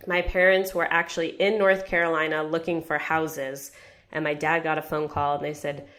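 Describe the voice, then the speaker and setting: A woman with a low, American-accented voice talks through her memories in a chatty, easygoing manner. She sounds like a guest in her thirties on a podcast interview, relaxed and conversational. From United States. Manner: chatty storytelling, quick and relaxed.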